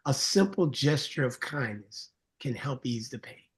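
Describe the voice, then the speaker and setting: Speaking in an expressive, mid-range voice at a measured pace, a middle-aged man acts out the voices of people in the earnest stories he tells. He's a songwriter and producer, a guest in a casual interview.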